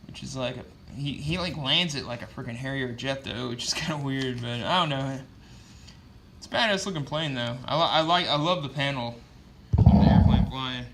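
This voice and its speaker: A man's voice: mid-range voice, normal speed, slight background noise. A man casually recapping a comic book issue with loose, profane storytelling and lots of fillers.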